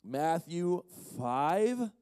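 A man's voice: on the high side, sing-song, extremely slow, a little mellow, clean tone, dry recording. A man giving a casual, joking sermon to a young audience as a conference speaker, teasing the crowd as he goes. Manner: playful, teases the audience.

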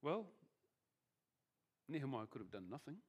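A man preaching a conversational sermon as pastor, often restarting phrases and trailing off softer at the end of thoughts. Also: mid-range voice, sing-song, normal speed, husky.

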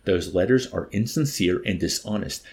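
A man's voice: low-pitched, animated, normal speed, gravelly, darkish tone, slight background noise. A man voicing a meek, distressed army chaplain who pleads anxiously under questioning. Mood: earnest. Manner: pleading, anguished.

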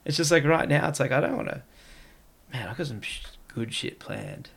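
Gravelly man rambling. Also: medium pitch, normal speed. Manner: rambling, heavy use of "like". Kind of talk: casual podcast chat.

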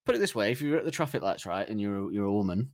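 Low-voiced man joking around. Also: animated, rapid-fire, no room sound, studio quality, soft background music. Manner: jokey, acts out silly scenes, laughs often. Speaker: podcast co-host. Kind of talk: casual comedic chat.

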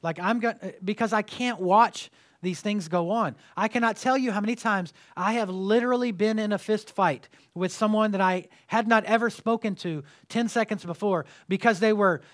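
A man preaching a sermon to a congregation, conversational and jokey, telling stories with lively energy. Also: sits high. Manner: conversational, jokey, animated storytelling. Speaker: pastor. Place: church sanctuary with congregation.

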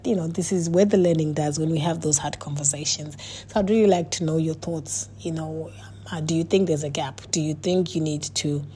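A woman's voice: low voice, mellow, slight background noise. A middle-aged woman, a coach and author, talking earnestly to her viewers in a casual monologue, with many fillers and restarts.

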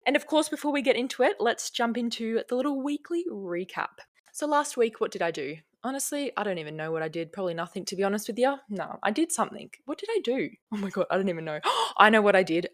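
Aussie girl hosting her podcast solo, rapid chatty rant, swears a lot. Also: mid-range voice, expressive. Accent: Australian. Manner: chatty, swears freely, ranting. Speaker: podcast host. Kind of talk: casual solo podcast chat. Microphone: plugged-in podcast mic.

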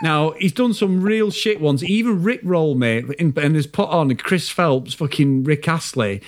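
A man's voice: a little high, moderate pace. A man co-hosting a movie podcast in casual chat, laughing and swearing freely. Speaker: podcast co-host.

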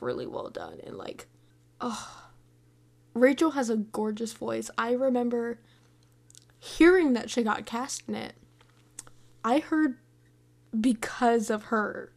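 A woman of about eighteen chatting casually about a movie, scattered and excitable, rambling from thought to thought. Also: a little high. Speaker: movie reviewer. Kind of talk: casual chat.

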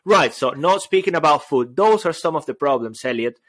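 A man's voice: on the high side, lively intonation, moderate pace, a bit bright. Spanish-accented man co-hosting a podcast. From Spain. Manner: playful, switches between languages. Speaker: podcast co-host. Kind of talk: casual podcast chat.

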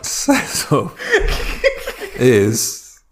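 A man's voice: mid-range voice, wildly swooping pitch, extremely slow, a little hiss or hum. A man co-hosting a comedy podcast with dry, joking casual chat. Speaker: podcast co-host.

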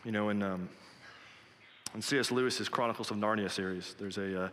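A man preaches earnestly and directly, as if talking with his listeners. His voice is bright and a touch low. It echoes with a long church reverb. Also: fairly even intonation, brisk, a little hiss or hum. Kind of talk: sermon.

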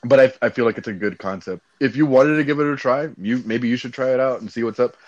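A young Mexican-American man from Texas chats casually on a podcast, rambling in a laid-back way, swearing freely and saying "dude" a lot. His mid-range voice is fast with a darkish tone, and the muffled recording carries soft background music.

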